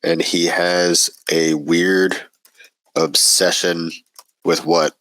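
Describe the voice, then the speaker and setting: Stuffy-voiced man reading aloud, low. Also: level tone, very slow, fairly bright tone, no echo. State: stuffy from a cold. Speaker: podcast co-host. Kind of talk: casual chat and reading a story aloud.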